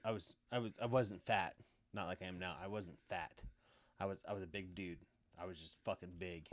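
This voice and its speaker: A man's voice: lowish voice, dry recording. Profane, blunt man telling stories. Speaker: podcast guest. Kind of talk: casual storytelling.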